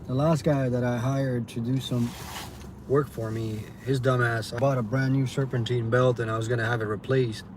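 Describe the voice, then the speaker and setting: A man's voice: mid-range voice, steady tone, normal speed, noisy background. A man livestreaming from inside his car, ranting in a profane, irritated way and chatting casually with viewers. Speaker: livestreamer driving for rideshare. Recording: music playing in the background.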